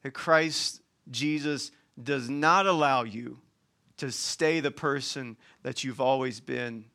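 A man preaching a sermon in a colloquial, folksy way, swinging from loud emphatic points to quiet asides. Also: mid-range voice, slow pace, creaky.

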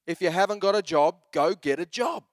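Brief: lively male pastor in his thirties, joking sermon delivery, slightly high voice, dry close sound. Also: a little fast, dry recording. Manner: animated, joking storyteller who shifts into exhortation.

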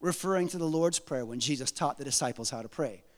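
A man in his forties preaching a sermon as pastor, animated, acting out prayers in different voices with joking asides. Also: fairly high pitch, fast, in a large hall.

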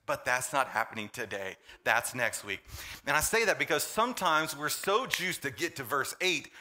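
A male pastor with a fairly high voice preaches a sermon, trading jokes with the congregation. He swings between loud emphasis and quiet intensity.

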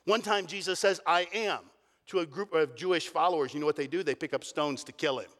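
A middle-aged pastor delivers a sermon with animated emphasis and a fairly quick pace. His voice is a touch high for a man and rings out with a long hall reverb in a church sanctuary.

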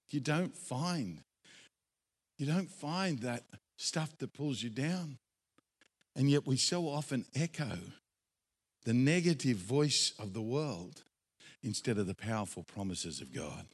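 A man preaching a sermon in an animated, dramatic way, acting out the voices of doubters. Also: mid-range voice, unhurried, long pauses, slightly rough. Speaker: pastor. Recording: echoey hall, long reverb.

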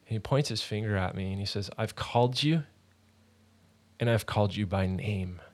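A man hosting a ministry podcast, telling a personal faith testimony in an earnest, halting, conversational way. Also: lowish voice, a little mellow.

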